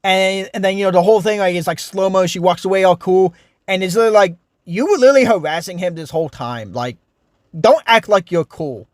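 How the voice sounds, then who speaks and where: A young man rants into his camera in a high, tight voice, stumbling over his words and circling back as he vents. The sound is close and completely dry, with no room echo at all. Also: a little fast. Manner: frustrated, rambling, many restarts and fillers. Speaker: TV reviewer. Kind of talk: casual ranting review.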